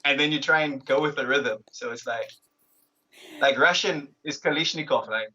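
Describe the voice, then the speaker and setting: A man's voice: mid-range voice, moderate pace, pushed and bright, husky, muffled recording. A man in casual chat, laughing and playful, trying out silly impressions between remarks. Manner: laughing, playful, slips into put-on accents. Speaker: guest.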